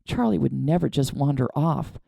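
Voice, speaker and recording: A woman narrates a novel in a low, dark, gravelly voice that moves freely in pitch. Her reading is expressive and dramatic, recorded close and dry. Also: moderate pace, no room sound. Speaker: audiobook narrator. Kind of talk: scripted narration.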